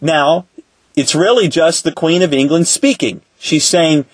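A man's voice: on the high side, animated, slightly rough, dry recording. Man teaching a Bible lesson, dry sound. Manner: conversational, asks rhetorical questions; slows down to quote scripture.

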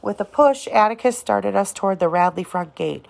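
A woman narrating an audiobook of a novel, reading in a halting way with occasional restarts on words. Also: mid-range voice, animated, creaky, a little mellow. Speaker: audiobook reader.

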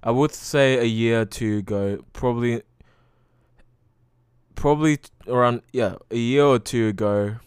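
A man's voice: medium pitch, a little slow, clean tone, no room sound, studio quality. A young man hosting a casual solo podcast, rambling loosely with lots of fillers and frequent swearing. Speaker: podcast host.

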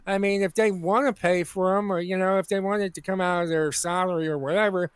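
Podcast co-host, man, high voice, animated and indignant storytelling, dry close mic. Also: brisk, smooth, no echo. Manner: animated storytelling, indignant, acts out quoted people. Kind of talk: casual comedic chat.

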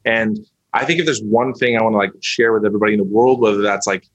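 A man's voice: lowish voice, steady tone, fast, roomy sound, muffled recording. A man speaking as a guest in an interview, rambling and full of "like" as he encourages people through hard times. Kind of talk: casual interview talk.

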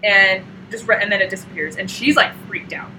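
A woman's voice: mid-range voice, fairly quick, a little hiss or hum, poor audio. A woman in casual chat, retelling a comic with lots of fillers and acting out the characters' lines. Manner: animated storyteller acting out scenes. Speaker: co-host discussing a comic.

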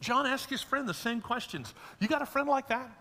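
A male pastor delivers a folksy, story-driven sermon with touches of humor. His voice sits high and bright. The sound rings with the long reverb of a large church hall. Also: normal speed.

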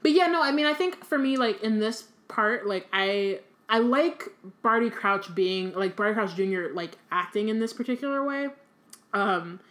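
A young woman co-hosts a podcast, moving from reading aloud to loose, casual chat. She talks in a relaxed, rambling way, full of "like" and self-corrections. Her pitch sits in the middle range. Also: moderate pace. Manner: chatty, lots of "like" and restarts. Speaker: podcast co-host.

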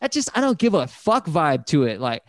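A man talking casually about music, rambling and swearing, and he gets animated when excited. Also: fairly high pitch, moderate pace.

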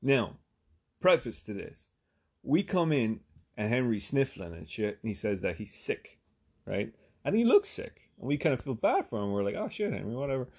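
A man's voice: lowish voice, big pitch swings, normal speed, breathy edge. A man telling a long casual anecdote, rambling and swearing with lots of fillers. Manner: rambling, profane, full of fillers. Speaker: storyteller.

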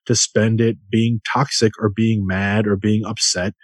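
A man in his forties in casual podcast chat, talking in a reflective, measured way. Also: fairly low pitch, level tone, no room sound, clean studio sound. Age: 40s.

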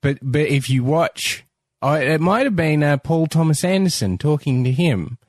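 A man's voice: fairly high pitch, animated, moderate pace, dry recording, clean studio sound. An Australian man with an Australian accent, co-hosting a casual film chat and often repeating words as he starts a thought. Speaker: podcast co-host.

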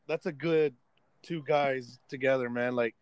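A man's voice: mid-range voice, fairly even intonation, measured pace, clear, resonant tone, no room sound. A young man hosting a casual podcast, laid-back, swearing freely and calling his friend bro. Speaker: podcast host. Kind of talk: casual chat.

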